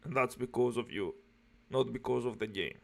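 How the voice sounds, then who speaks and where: A man's voice: medium pitch, normal speed, gravelly. A man reacting to a stream, scornful and foul-mouthed, with a harsh delivery. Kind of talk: commentary.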